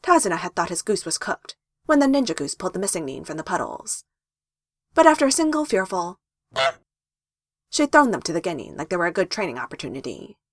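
A woman narrating a fanfiction story with lively, playful emphasis. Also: medium pitch, no echo, studio quality. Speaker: fanfiction reader.

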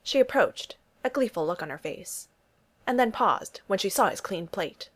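A woman narrating a story as an even, steady reader. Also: medium pitch, moderate pace. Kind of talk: storybook reading.

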